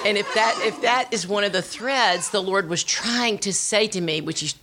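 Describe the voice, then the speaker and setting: A woman's voice: medium pitch, normal speed, a crowd in the background, background noise. A middle-aged woman telling a personal faith testimony, acting out quotes as she goes. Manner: animated storytelling with voiced quotes. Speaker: speaker sharing testimony.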